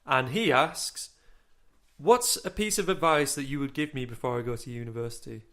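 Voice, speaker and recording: A man's voice: medium pitch, moderate pace, sharp tone. A young man co-hosting a casual podcast, telling a long rambling story with casual swearing. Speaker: podcast co-host.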